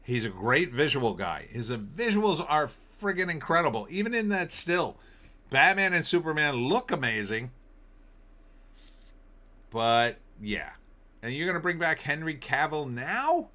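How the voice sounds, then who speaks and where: A man's voice: fairly high pitch, big pitch swings, a little slow, pushed and bright. A middle-aged man hosting a casual live-stream, rambling and opinionated as he reacts to entertainment headlines and viewer comments. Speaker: political commentary host.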